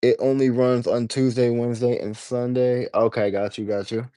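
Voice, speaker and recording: A man's voice: mid-range voice, level tone, normal speed, dark tone, smooth, dry recording. A man hosting a casual livestream, rambling in stops and restarts as he talks to his viewers. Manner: rambling, stop-start, reading out chat comments. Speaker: livestream host.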